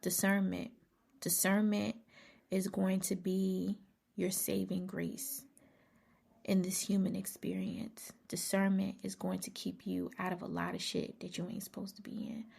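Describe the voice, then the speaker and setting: A woman's voice: medium pitch, completely flat delivery, measured pace, gravelly, a little mellow, husky. A woman hosting her own podcast in a casual motivational monologue, emphatic and repeating key phrases, sometimes dropping to a near-whisper. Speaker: podcast host.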